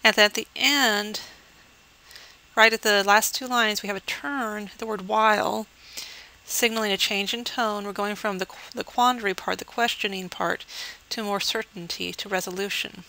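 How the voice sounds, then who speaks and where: A woman's voice: medium pitch, steady tone, bright, forceful tone, low-quality recording. A woman English professor giving a recorded poetry lesson, explaining terms step by step and checking in with "okay". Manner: reads the poem slowly and measured.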